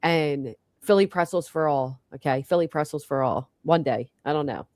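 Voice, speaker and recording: A chatty woman with a low voice, talking in a rambling, heartfelt way on a casual livestream. Her voice sounds dry and close, with no room around it. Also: normal speed, a little mellow, no echo. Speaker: livestream guest.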